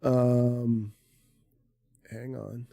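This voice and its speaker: A man's voice: medium pitch, little pitch movement, extremely slow, gravelly, warm tone, no echo. A man live streaming, chatting casually in a rambling, profane, self-mocking way at a desk microphone. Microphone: desk microphone on arm.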